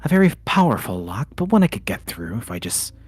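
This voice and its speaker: A man's voice: medium pitch, very animated, brisk, slightly rough, dry recording. A man doing a sly, cackling old hag. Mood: sly probing. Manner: whispery, purring and condescending.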